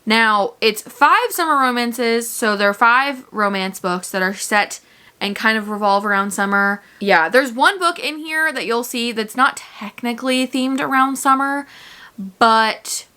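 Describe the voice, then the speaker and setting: A woman's voice: a little high, expressive, a little slow, bright, forceful tone, smooth. Chatty young woman book vlogger. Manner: chatty, dramatic and emotional about books. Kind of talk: casual vlog chat.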